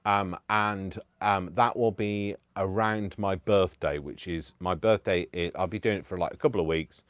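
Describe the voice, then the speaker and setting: A man's voice: low voice, steady tone, normal speed, clean tone, dry recording. A man hosting a casual live stream, chatting to viewers in a rambling, self-deprecating way from home. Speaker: livestream host making digital crafts.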